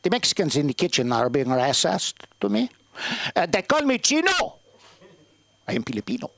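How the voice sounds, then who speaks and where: A man's voice: on the high side, wildly swooping pitch, moderate pace, creaky, a bit bright, exaggerated voice. A man voicing his indignant elderly Filipino father-in-law during a stand-up bit. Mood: outraged. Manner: outraged, blunt.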